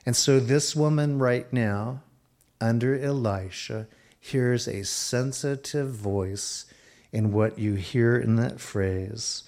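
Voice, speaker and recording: A man preaching a sermon, expressive, shifting his pace and dropping softer for quoted lines. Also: mid-range voice, slow pace. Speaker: pastor.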